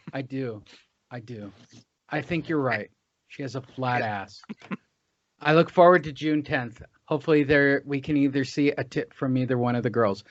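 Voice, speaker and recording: A man's voice: mid-range voice, fairly bright tone, no room sound. A man hosting a casual sports podcast, crude and joking as he puts questions to his co-hosts, heard over a slightly muffled, dry online call. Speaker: podcast host.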